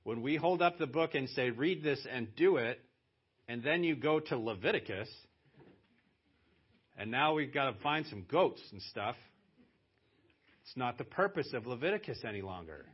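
A man's voice: mid-range voice, expressive, normal speed, pauses often, husky. A man preaching a sermon as pastor, talking conversationally and then pressing hard on key words for emphasis. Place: church. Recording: dull lo-fi church sermon audio.

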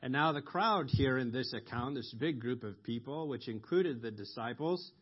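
A man preaching a sermon, explaining scripture slowly with pauses and ums, rising sharply when he quotes a cry for mercy. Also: mid-range voice, expressive, slightly rough. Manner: slow, explanatory, with ums and emphatic rises on quoted cries. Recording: dull lo-fi recording.

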